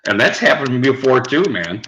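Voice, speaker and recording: A man's voice: mid-range voice, animated, fast, fairly bright tone, muffled recording. A man hosting a casual late-night live stream who chats with viewers in the comments, rambling, swearing and laughing at his own lines. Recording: echoey room, faint background noise.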